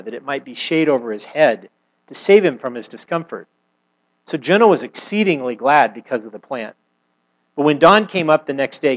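A middle-aged male pastor delivers a sermon in a voice sitting a little above the usual male range. He reads scripture aloud and retells it with expressive emphasis. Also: fairly high pitch, poor audio.

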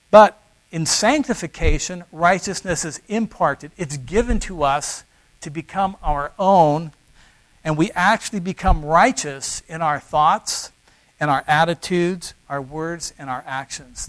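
A middle-aged male pastor preaching a sermon, emphatic, swinging between loud stressed phrases and quiet asides. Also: on the high side, low-quality recording.

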